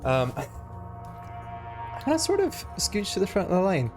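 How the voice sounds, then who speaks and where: A man's voice: high-pitched, huge pitch swings, unhurried, a little mellow. Upbeat male player, music behind. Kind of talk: describing actions in a tabletop game.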